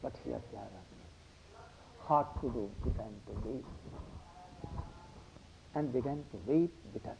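An older man giving a devotional discourse, halting and repetitive, slipping into Hindi asides. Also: medium pitch, creaky, darkish tone, slight background noise. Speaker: religious speaker. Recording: dull lo-fi recording.

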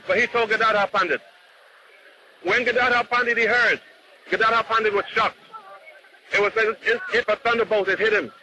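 A man's voice: high voice, bright, forceful tone. A man earnestly retelling a devotional story as a sermon, asking rhetorical questions along the way. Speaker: spiritual storyteller. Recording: dull lo-fi recording with faint hiss.

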